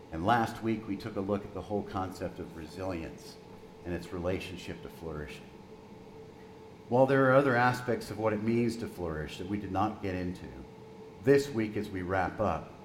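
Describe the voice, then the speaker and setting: A man in his sixties, a pastor preaching a sermon, telling a story gently and slowing down for emphasis. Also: on the low side, roomy sound, slight background noise, low-quality recording.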